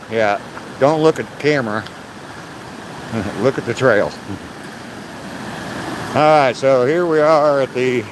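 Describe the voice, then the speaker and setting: A man's voice: medium pitch, noisy background. Chatty older man on a hiking livestream. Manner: chatty and loose, swears casually; walking down a rocky trail while talking. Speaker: livestreaming vlogger. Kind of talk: casual live-stream chat. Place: outdoor forest trail by a waterfall.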